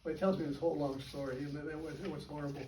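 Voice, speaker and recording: An older man speaks casually to a group of colleagues, his voice a bit high and picked up from across an echoey room. He tells stories with animated chuckles, and faint background noise sits under him. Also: rapid-fire, far from the mic. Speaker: guest speaker. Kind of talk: informal talk to colleagues.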